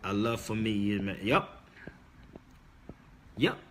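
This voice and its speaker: A man's voice: on the low side, big pitch swings, very slow, fairly bright tone, a little hiss or hum. Emphatic middle-aged man preaching to viewers. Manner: emphatic and insistent, repeats key words, talks straight to viewers. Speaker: livestream host. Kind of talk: casual preaching monologue to viewers.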